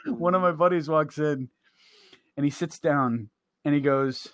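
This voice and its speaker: A man's voice: on the high side, a little slow, no echo, clean studio sound. A man co-hosting a casual podcast, telling a story and laughing often as he talks, into a headset mic. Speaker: podcast co-host. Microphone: headset mic with big headphones.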